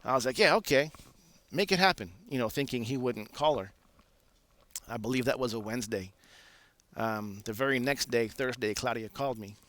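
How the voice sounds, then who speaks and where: A man with an ordinary mid-range voice tells a long anecdote in a loose, chatty way. He fills his pauses with "uh" and jokes at his own expense, the easy manner of an engineer talking shop. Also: medium pitch, no echo. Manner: relaxed, self-deprecating, lots of "uh" fillers. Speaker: aircraft engineer. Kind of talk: casual anecdotal storytelling.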